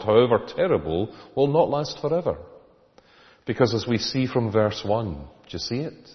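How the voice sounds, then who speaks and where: A man's voice: medium pitch, animated, moderate pace. A man preaching a sermon, emphatic and full of rhetorical questions to the congregation. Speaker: pastor. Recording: echoey hall, dull lo-fi sound.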